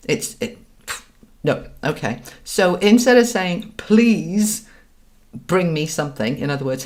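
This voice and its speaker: A middle-aged woman speaks to viewers of a live stream as a spiritual coach. Her voice sits low, and she talks in an earnest, guiding way, often stopping to ask "all right?" or "okay?".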